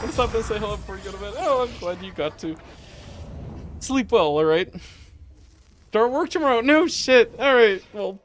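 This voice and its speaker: Male game streamer, casual, giggly chat-reader, bouncy higher voice. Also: expressive, moderate pace, pauses often, a bit bright, a little hiss or hum. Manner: chatty, reads chat aloud and laughs often.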